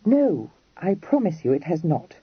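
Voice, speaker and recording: A man's voice: a little high, big pitch swings, measured pace, breathy edge, no echo, pitched above the performer's own voice, full character voice. A man voicing an earnest, impulsive young Regency lady who talks in a breathless, pleading way in an audiobook. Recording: dry, dull lo-fi recording.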